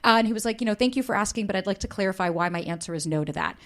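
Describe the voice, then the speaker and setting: A woman in a candid podcast interview spins her dating stories with a lot of energy. She acts out every quote, her voice riding up and down as she goes, and drops a casual curse now and then. Her pitch sits in the middle of the female range. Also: very fast, a crowd in the background. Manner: animated storyteller, acts out quotes, swears freely. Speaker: dating coach guest.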